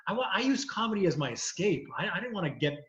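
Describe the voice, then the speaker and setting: Bright-voiced man rambling through stories. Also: high voice, sing-song, fast talker, echoey room, dull audio. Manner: rambling storytelling, many "you know"s. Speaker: comedian and lawyer. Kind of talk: casual chat.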